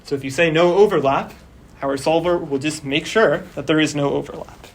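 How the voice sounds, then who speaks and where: A young man teaching a university class, talking casually and filling pauses with "like" and "um", his voice a bit worn as he starts losing it. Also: fairly high pitch. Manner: casual, explains step by step with many fillers. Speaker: course instructor. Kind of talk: university lecture.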